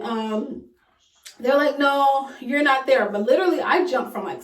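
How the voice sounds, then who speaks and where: A young woman vlogger, casually retelling a personal story with dramatic, loud acted quotes. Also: sits high. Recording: echoey room, voice a bit far from mic.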